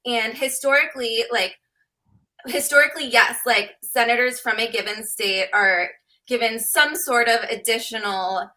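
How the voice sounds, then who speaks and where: A woman guest on a political chat explains a legal process, filling pauses with "um" and "like". Her voice is bright and forceful. It sits fairly high. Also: fairly even intonation. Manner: explains step by step, with many filler "um" and "like".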